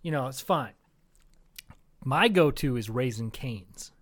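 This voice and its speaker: A man's voice: mid-range voice, lively intonation, slow pace. A man co-hosting a comedy podcast in casual chat, rambling and profane, tossing in "dude" constantly. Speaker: podcast co-host.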